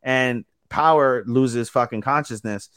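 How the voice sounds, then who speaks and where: A man co-hosting a podcast casually recaps an episode, performing the characters' lines with plenty of "he's like." His medium-pitched voice is smooth and his pace measured. The recording is studio quality with no room sound.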